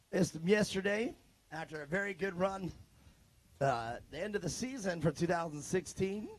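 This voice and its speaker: A man's voice: sits high, lively intonation, normal speed. A man doing live trackside announcing at an outdoor race, joking and chatting with drivers and crews into a handheld mic.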